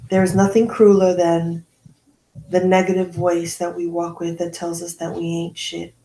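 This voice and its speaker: A woman podcast host talking and leading a guided meditation in a soft, slow, affirming way. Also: on the low side, reverberant, poor audio.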